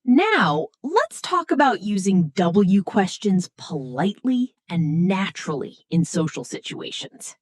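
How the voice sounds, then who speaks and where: A woman giving a scripted English lesson for beginners, speaking slowly and clearly with model sentences. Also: medium pitch, sing-song, no room sound. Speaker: English teacher.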